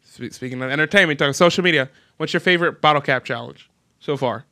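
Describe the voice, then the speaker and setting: A young man hosting a casual entertainment podcast, joking and animated as he tells stories. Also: fairly high pitch, fast. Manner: joking, animated storyteller who mimics voices. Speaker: host.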